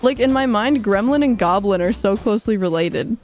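A woman's voice: medium pitch, animated, a little fast, a little mellow, faint music behind. A woman livestreaming as she plays a game, chatting casually and bubbly, rambling and reading out viewer comments. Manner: bubbly, rambling, reads chat aloud. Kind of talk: casual livestream chat while playing.

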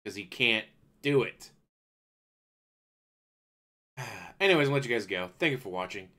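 A man's voice: lowish voice, animated, unhurried, sharp tone. A man hosting a reaction video, talking in a sarcastic, mocking way and swearing now and then. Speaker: reaction channel host.

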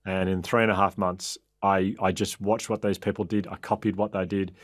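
An Australian man talks as an interview guest, recounting stories with energy, quick laughs and frequent self-corrections. His voice sits a little low. The sound is dry and close, with no room around it. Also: flat delivery, no room sound. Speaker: podcast guest. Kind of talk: anecdotal interview storytelling.

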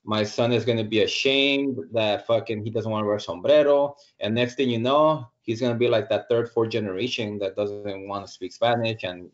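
A man's voice: lowish voice, fairly even intonation, normal speed, few pauses. A man guest on a podcast, telling his story casually, candid and profane, with Spanish phrases mixed in. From United States. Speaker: podcast guest, business founder. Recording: muffled lo-fi audio.

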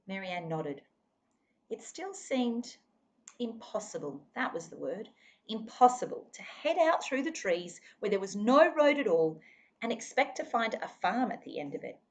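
A woman reading a children's novel aloud expressively, now and then speaking to her listeners. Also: mid-range voice. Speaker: reader.

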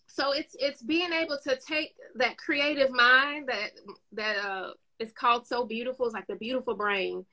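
A woman's voice: a little high, normal speed, rough recording. A woman with a New York accent, a business owner and coach, telling stories in casual conversation and acting out the quotes. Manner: animated storytelling, acts out quotes.

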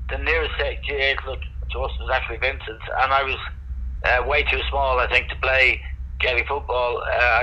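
Older Dublin man, bright thin call audio. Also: medium pitch, highs cut off. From Ireland. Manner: measured, hesitant with many fillers. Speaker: guest. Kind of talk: casual interview over a call.

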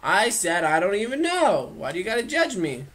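A woman's voice: medium pitch, very animated, moderate pace, fairly bright tone. A woman playing a video game and chatting casually, playful and goofy, talking back at the game. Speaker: gamer. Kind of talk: casual let's play commentary.

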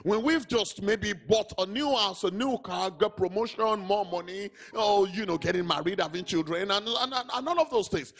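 A man's voice: sits high, normal speed, few pauses, a bit bright. A man with a Nigerian English accent preaching a sermon as pastor, emphatic and repeating words for stress. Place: church.

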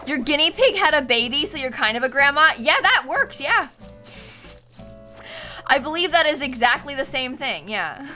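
A woman's voice: high-pitched, animated, normal speed, pushed and bright. A young woman streaming a game, chatting casually and giggling with her viewers, with music playing behind her. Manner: chatty, giggly, talks to her cat in a sing-song voice. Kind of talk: casual live-stream chat.

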